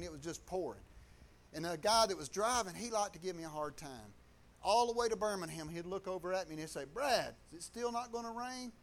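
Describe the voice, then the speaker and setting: A man with a Southern US accent tells a testimony story in a high, light voice. His talk is folksy and colloquial, and he briefly takes on other people's voices as he tells it.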